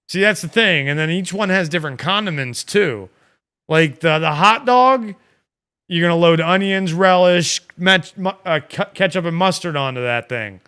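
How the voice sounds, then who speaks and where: A man's voice: a little high, sharp tone, smooth. A man from Northern Illinois hosting a casual watch-party stream, chatting enthusiastically and swearing casually. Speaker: stream host. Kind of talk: casual chat.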